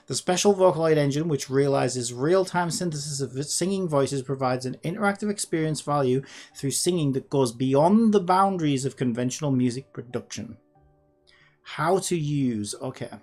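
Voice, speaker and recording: Rambly hobby dev vlogger, gravelly fry, begs the pc to work, mutters half to self, bit of music low underneath. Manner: excitable and rambling, pleading with the computer, lapsing into muttered whispers. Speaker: hobbyist developer and channel host. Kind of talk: casual screen-recording vlog, thinking aloud.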